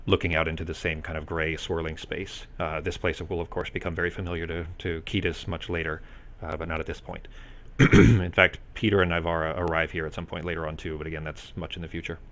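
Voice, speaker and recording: A man's voice: sits low, level tone, brisk. A man narrating as game master in a loose, hesitant way with many fillers.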